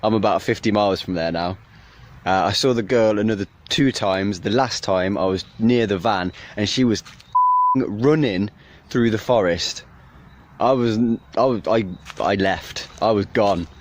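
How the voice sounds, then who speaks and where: A man's voice: on the low side, slight background noise. A man vlogging from his camper van, rambling and nervous as he tells what happened. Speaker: van traveller filming himself. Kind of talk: casual vlog to camera. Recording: distant, dull lo-fi clip with music.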